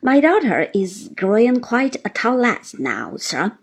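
A woman voicing a mild, meek elderly little man, a country doctor, who speaks slowly, with deference and apology. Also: fairly high pitch, very animated, breathy edge, full character voice. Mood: meek, deferential.

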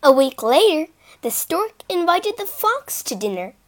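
A woman reading children's fables aloud as a storyteller, expressive and animated. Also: extremely high pitch, a little slow.

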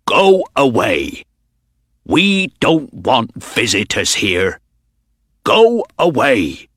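A man voicing a gruff, defensive stable owner in an audiobook. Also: medium pitch, lively intonation, drawn-out words, a bit bright, no room sound, clean studio sound, heavily acted. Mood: angry. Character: gruff, hostile male stable owner, middle-aged. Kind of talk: audiobook character reading.

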